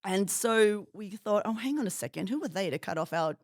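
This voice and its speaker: A woman of Filipino background, a padel player answering quick questions as a podcast guest, cheeky and laughing as she tells stories. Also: mid-range voice, no room sound, clean studio sound. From Philippines. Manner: cheeky, laughing, animated storytelling. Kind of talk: rapid-fire question interview.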